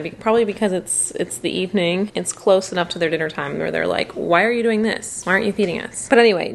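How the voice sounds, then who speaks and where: A woman's voice: mid-range voice, creaky, a little hiss or hum, rough recording. A young woman rambling casually in a home vlog, chatty and full of fillers and asides. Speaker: vlogger. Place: home kitchen.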